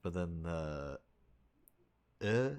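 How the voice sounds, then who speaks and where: Low-voiced man rambling to his stream. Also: lively intonation, extremely slow, a little mellow, a little hiss or hum. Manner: rambling, thinking aloud with many restarts. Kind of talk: casual chat with stream viewers.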